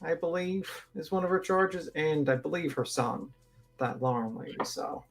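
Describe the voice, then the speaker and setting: Male livestream panel guest; slightly higher voice, teasing and halting, faint music under. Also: creaky. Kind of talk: casual livestream chat.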